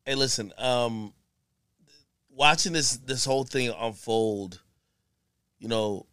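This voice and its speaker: A man's voice: medium pitch, slow pace, bright, forceful tone, clean tone, no echo, studio quality. A man hosting a podcast, asking questions in loose, casual chat, with swearing and stammered restarts. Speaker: podcast host.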